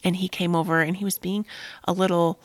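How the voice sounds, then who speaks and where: A woman's voice: fairly low pitch, little pitch movement, a little fast, no room sound. A woman in her thirties, a podcast host, telling a personal story at home in a candid, chatty way, swearing casually and saying "like" a lot.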